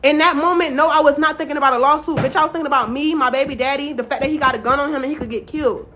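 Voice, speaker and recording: Bright high-voiced woman, heated and emphatic. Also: fairly even intonation, racing, slight background noise. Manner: emphatic, heated, profane, heavy use of "like". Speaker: woman recounting her arrest. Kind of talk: casual first-person account to camera. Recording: dull lo-fi audio.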